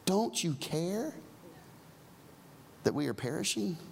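A man preaching who acts out the frantic plea of the disciples, in a high, strained and pleading voice. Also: big pitch swings, slow, vocal fry, a little mellow, a little hiss or hum, full character voice. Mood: panicked. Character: panicked male disciples pleading in a storm.

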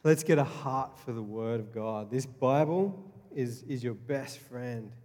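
A man's voice: mid-range voice, a little slow, mellow. A man preaching a sermon as pastor, earnest and repeating his key lines, stumbling and restarting often. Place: church hall. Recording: long reverb of a church hall.

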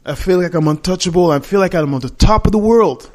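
A middle-aged man with a fairly high voice, speaking as a guest in a relaxed conversation. He tells a personal story earnestly, stopping often to restart or correct himself. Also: quick pace.

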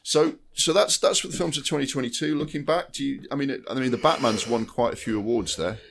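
A man's voice: mid-range voice, fast, gravelly, a bit bright, a little hiss or hum. A man co-hosting a podcast, chatting casually about films in a blunt, sweary way with many restarts. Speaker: podcast co-host. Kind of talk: casual film chat.

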